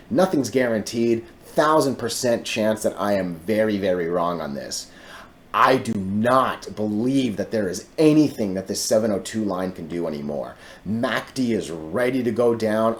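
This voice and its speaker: A man's voice: on the low side, a little mellow. A man giving casual stock market commentary to his viewers, emphatic and repetitive, often cutting in with "listen" and "right?". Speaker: stock chart analyst host.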